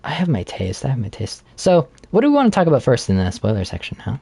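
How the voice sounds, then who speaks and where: A man co-hosting a casual podcast, chatting while playing a game and retelling a plot with animated laughter. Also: medium pitch, fast, vocal fry, husky, no room sound. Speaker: podcast co-host.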